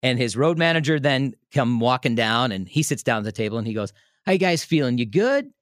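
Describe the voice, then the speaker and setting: A man telling a story in a casual, animated way, laughing often and restarting his sentences. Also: mid-range voice, brisk, dry recording, clean studio sound. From Milwaukee area, United States. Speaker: radio host telling a story as a podcast guest.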